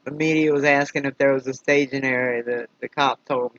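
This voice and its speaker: A tired man talks casually over a live stream, chuckling as he comments on what he hears. His voice sits at a middling pitch, close and dry, with a slightly muffled, lo-fi quality. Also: steady tone, fairly quick, few pauses, fairly bright tone, dry recording. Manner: chatty, laughs often, tired. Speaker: scanner stream host.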